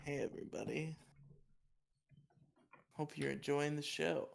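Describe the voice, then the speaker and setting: A man's voice: on the high side, flat delivery, measured pace, gravelly, background noise. A man co-hosting a stream, joking dryly with the audience. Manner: dry, joking, laughs often. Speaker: co-host. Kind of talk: casual chat.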